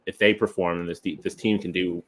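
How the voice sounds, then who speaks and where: A young American man co-hosting a sports podcast, giving his opinions in a hedging, halting way. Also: low voice, fairly even intonation, a little hiss or hum. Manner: hedging, many fillers and restarts. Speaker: podcast co-host. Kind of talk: casual sports chat.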